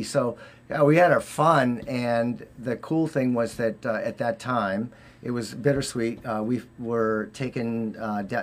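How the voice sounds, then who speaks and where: A man with a Boston accent, speaking at an everyday pitch, recounts old memories in a loose, rambling way with plenty of ums and restarts. His casual interview talk carries a faint hiss of background noise. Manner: rambling, anecdotal, many fillers and restarts. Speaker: guest, former Olympic figure skater.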